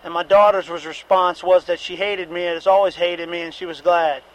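A man's voice: high voice, steady tone, a little fast, highs cut off. A middle-aged man giving a candid, repetitive personal testimony at a recovery meeting, with occasional profanity.

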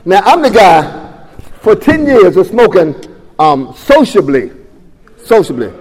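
A man's voice: high voice, very animated, slow pace, darkish tone, long reverb tail. A man animatedly telling his recovery story at a meeting, acting out the voices of the people in it. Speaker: speaker sharing recovery story.

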